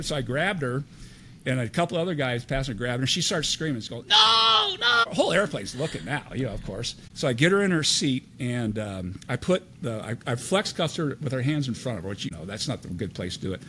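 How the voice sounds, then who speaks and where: A man's voice: mid-range voice, a little hiss or hum. An older man, a retired airline captain, telling stories in a casual podcast interview and acting out the dialogue. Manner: animated anecdote teller, acts out quoted dialogue.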